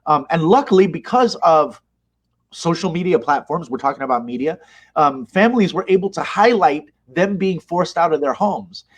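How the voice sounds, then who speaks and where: A mosque leader being interviewed speaks in a slightly high, husky voice with lively intonation at a moderate pace. He is impassioned and emphatic, recounting events with animation in a conversational exchange.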